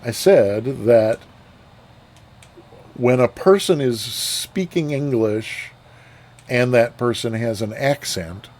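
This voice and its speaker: A man's voice: mid-range voice, expressive, slow, long pauses, darkish tone. A man streaming a flight sim, chatting casually with viewers, rambling with fillers and restarts. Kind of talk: casual live-stream chat.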